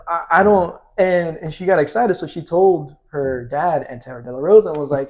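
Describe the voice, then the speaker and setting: A man in his twenties, a podcast guest, telling a story with lively quoted dialogue in casual chat. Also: a little high, fairly quick, hardly any pauses. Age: 20s.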